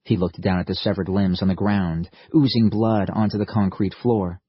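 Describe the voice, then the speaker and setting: A man reading an audiobook as narrator, telling the story in a steady, even way. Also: low voice, moderate pace, husky, dry recording. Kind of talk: scripted narration. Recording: slightly muffled lo-fi audio, dry.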